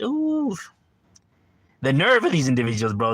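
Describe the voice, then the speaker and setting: A man's voice: a little high, animated, a little fast, bright, forceful tone, dry recording. A middle-aged man streaming a game from home, ranting casually with lots of profanity and constant "bro.". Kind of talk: casual livestream rant.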